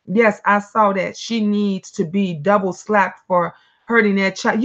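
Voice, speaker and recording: A woman's voice: medium pitch, fairly even intonation, measured pace, dull audio. A woman who is a mother, hosting a live online talk stream, answering viewers with blunt, profane, preachy encouragement. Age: adult, a mother.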